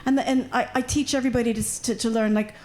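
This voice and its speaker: A woman from Washington D.C. speaking on a panel discussion, chatty and animated with lots of asides. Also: on the high side, racing, slight background noise. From United States, Washington D.C.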